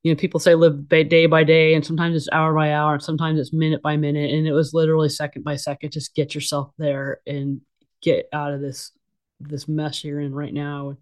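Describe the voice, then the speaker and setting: Here a middle-aged woman, appearing as an interview guest, tells her story plainly and candidly in a low, monotone voice with a darkish tone. She talks a little fast, and her manner is casual and blunt. Fillers come up constantly, and she frequently starts sentences over.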